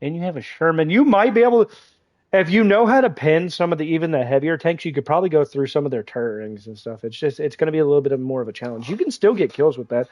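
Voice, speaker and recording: A man streaming a game, talking casually in a profane, excitable, teasing way, with congested sinuses. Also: a little high, quick pace, no room sound, muffled recording. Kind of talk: casual gaming livestream commentary.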